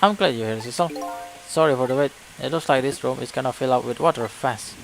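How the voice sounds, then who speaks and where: An Indonesian-accented man reading the lines of a determined young woman detective in a game, in a brisk, reassuring way. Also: mid-range voice, creaky, lightly acted, poor audio. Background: game music.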